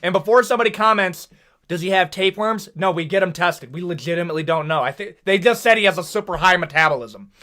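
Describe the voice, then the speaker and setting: Young american dude ranting, high bright voice, bouncy and jokey. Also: male voice, fast talker, hardly any pauses. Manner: animated, joking, rants with slang like "brother, what?". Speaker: video commentator. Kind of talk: casual ranking commentary.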